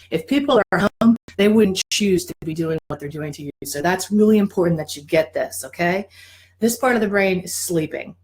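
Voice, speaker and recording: A woman addiction coach teaching in a casual, animated way, acting out voices and checking in with her listeners. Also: on the low side, rough recording. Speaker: addiction professional and life coach.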